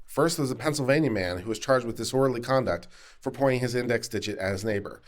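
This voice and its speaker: A man's voice: mid-range voice, fast. A man hosting a legal commentary show, reading a news article aloud and adding dry, sarcastic remarks along the way.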